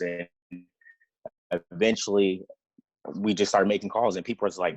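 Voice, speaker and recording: A man's voice: low-pitched, steady tone, moderate pace, pauses often, dry recording, poor audio. A man sharing an earnest, grateful motivational testimonial as a new senior field trainer on a team call.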